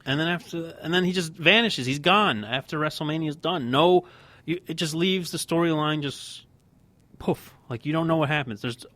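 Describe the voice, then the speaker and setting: A man's voice: on the high side, moderate pace, pushed and bright, dry recording. A man co-hosting a casual wrestling podcast, talking in a heated, emphatic rant. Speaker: podcast co-host.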